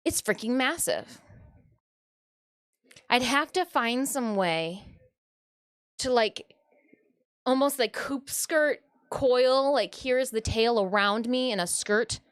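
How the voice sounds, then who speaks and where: A woman's voice: on the high side, expressive, slow, pauses often, smooth. A woman from Michigan chatting casually on a live stream, easily distracted and full of "like.". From Michigan, USA. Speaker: streamer and cosplayer.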